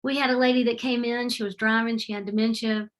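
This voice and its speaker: A woman's voice: fairly high pitch, fast. Heartfelt woman presenting slides. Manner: warm, heartfelt and animated, with faith-tinged phrasing. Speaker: presenter at a webinar. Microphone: remote video call.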